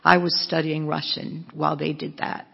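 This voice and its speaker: A woman's voice: low-pitched, little pitch movement, moderate pace, vocal fry, slightly rough. A woman giving a chatty, self-mocking storytelling talk as a missionary speaker, laughing often. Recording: dull lo-fi with long hall echo.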